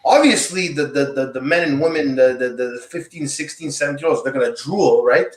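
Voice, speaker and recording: A man's voice: medium pitch, brisk, roomy sound. A man co-hosting a casual podcast, laying out his opinion point by point. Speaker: podcast co-host.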